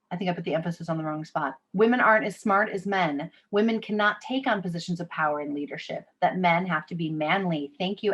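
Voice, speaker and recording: A woman's voice: on the low side, muffled recording. A woman in her thirties leading an online workshop over a video call, talking casually and reading out the audience's chat messages. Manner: conversational, reads audience chat aloud. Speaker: workshop facilitator. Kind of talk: live online workshop talk.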